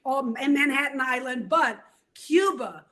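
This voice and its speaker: An older woman from New York, telling her story as an interview guest in a lively, vivid way. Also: high-pitched, unhurried.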